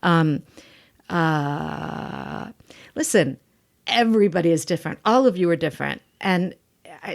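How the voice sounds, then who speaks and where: Blunt, emphatic woman acting coach. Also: on the low side. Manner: emphatic, blunt, animated storyteller. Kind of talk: podcast interview.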